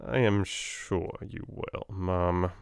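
A shrewd British businessman, unhurried and faintly sinister, every word slow and measured, as a male reader voices him. The reading is dry and close. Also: deep voice, vocal fry, clean tone, no room sound, full character voice. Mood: calm. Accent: British English. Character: cool, shrewd middle-aged male solicitor. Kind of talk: soft-spoken audiobook reading.

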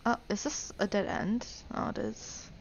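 A woman live-streaming a game, chatting playfully with her chat and breaking into loud, excited outbursts. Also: medium pitch, unhurried, lo-fi sound.

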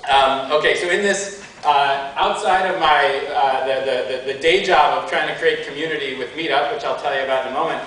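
An American man giving a conference talk, halting, with many fillers and restarts. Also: a little high, fairly bright tone, slight background noise. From United States. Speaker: conference speaker. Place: large conference hall. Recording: echoey hall, mic from a distance.

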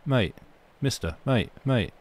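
A man's voice: medium pitch, animated, slow, darkish tone, slight background noise. Man doing a cheeky Cockney street robin. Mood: nagging. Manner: nagging, repetitive begging.

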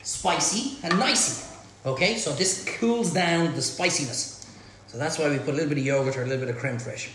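A man with an Irish accent hosting a live cook-along in a home kitchen, chatty and excitable, full of exclamations. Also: on the high side, fast talker. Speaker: chef host. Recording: very echoey room, faint noise.

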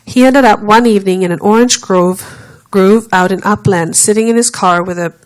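A woman's voice: medium pitch, moderate pace, low-quality recording. Woman preaching a storytelling sermon. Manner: steady narrative telling, acting out quoted speech.

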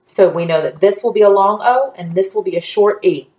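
A woman teaching a phonics lesson to young children, patient and encouraging, drawing out each word slowly. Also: medium pitch, mellow, roomy sound.

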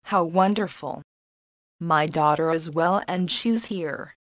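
A woman voicing a loving older father in a slow, plain storybook reading. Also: deep voice, dry recording. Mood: joyful. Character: loving old merchant father, overjoyed.

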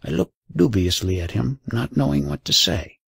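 Low gravelly guy reading an audiobook, husky, lots of up and down in his voice. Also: very animated, normal speed, no echo, studio quality. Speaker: audiobook narrator. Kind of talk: scripted first-person narration.

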